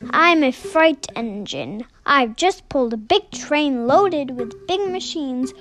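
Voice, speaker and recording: A woman's voice: sits high, expressive, takes it slowly, fairly bright tone, slight background noise, exaggerated voice. A woman doing a bellowing, pompous freight engine. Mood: boastful. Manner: bellowing, boastful. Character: pompous self-important male freight engine.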